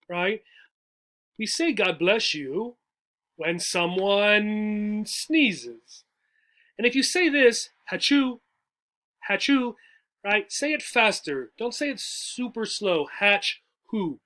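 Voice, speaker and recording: A man with a high voice explains jokes slowly and patiently for English learners. His tone is bright and forceful, and he keeps checking in with his listeners. He sounds like a teacher guiding a class step by step. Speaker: adult education teacher.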